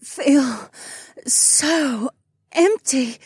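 A man voicing a teasing young woman in a story, speaking softly and breathily with sighs. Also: extremely high pitch, no room sound, studio quality, pitched above the performer's own voice, heavily acted. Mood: breathy teasing. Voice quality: breathy, soft. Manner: slow, sighing, murmured.

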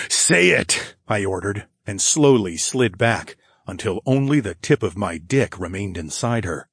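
A man narrating a romance audiobook in the first person, with a low, intimate delivery and soft sighs. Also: animated, normal speed, hardly any pauses, breathy edge, no room sound, clean studio sound.

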